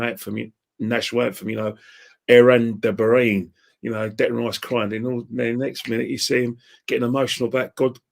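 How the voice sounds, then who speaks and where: A man's voice: mid-range voice, gravelly. A man talking casually as a podcast guest, rambling and opinionated and laughing at his own jokes. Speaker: podcast guest, football fan. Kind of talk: casual chat.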